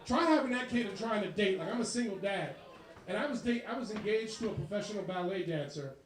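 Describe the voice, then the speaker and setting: A man doing a stand-up comedy set in a bar, telling crude stories and acting out loud voices. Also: sits high, animated, fast talker, roomy sound. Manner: crude, rambling storytelling with loud acted-out voices. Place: bar stage before a live audience.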